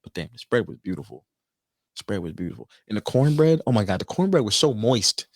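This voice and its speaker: Man, podcast co-host, animated storyteller, casual banter, dry close mic. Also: brisk, no room sound. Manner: animated storyteller, imitates relatives with a high voice.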